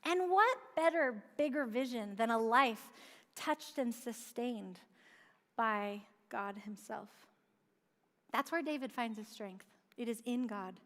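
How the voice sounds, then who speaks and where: A woman preaches in a church sanctuary, earnestly asking questions and answering them herself. Her voice is a little high and fairly bright, her pace slow, and the room adds a long church-hall reverb.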